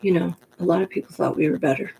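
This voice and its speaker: A woman from the New York Pocono area with a gruff voice, rambling frankly in a casual monologue to the camera. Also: on the low side, fast, warm tone, slight background noise, poor audio. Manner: chatty, digressive, frank. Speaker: vlogger.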